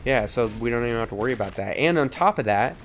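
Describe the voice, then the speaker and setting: A man's voice: mid-range voice, animated, fast, faint music behind. Brief: young guy, let's play co-host, loose rambling talk, frequent swearing and laughs. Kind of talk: casual gaming banter.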